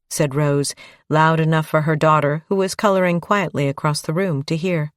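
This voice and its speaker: A woman narrating a crime audiobook in a steady, measured read on a close mic. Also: deep voice, no room sound. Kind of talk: scripted narration.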